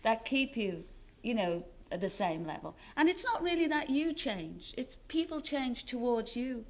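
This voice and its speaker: A woman's voice: a little high, sing-song, unhurried, darkish tone. A woman in her thirties with a Scouse accent, a chatty chat show guest who laughs often and pokes fun at herself. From Liverpool, England. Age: 30s. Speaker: celebrity guest.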